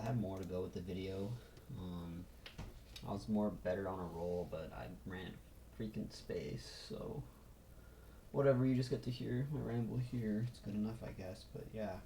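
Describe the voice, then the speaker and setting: A man's voice: lowish voice, mellow, echoey room, a little hiss or hum, low-quality recording. A man talking casually to camera in a loose, rambling way full of fillers, recorded on a phone. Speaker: vlogger.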